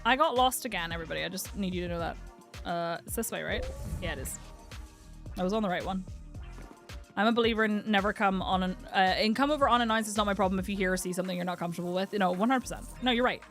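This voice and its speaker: A woman's voice: medium pitch, fast, soft background music. A young adult woman streaming a game from home, chatting candidly and telling stories with a lot of laughter. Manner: chatty and candid, laughs often, animated storyteller. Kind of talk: casual chat while gaming live.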